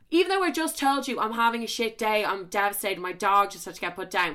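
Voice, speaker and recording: Bright, rambling young Irish woman. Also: fairly high pitch, a little fast, hardly any pauses. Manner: animated, rambling, swears freely, many asides. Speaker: podcast host. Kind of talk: casual storytelling chat. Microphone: close studio mic with popping.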